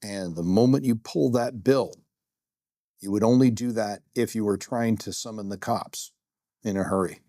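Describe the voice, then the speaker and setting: A man's voice: on the low side, moderate pace, dark tone, no echo, clean studio sound. Candid self-deprecating middle-aged man. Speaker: security guard. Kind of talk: first-person storytelling.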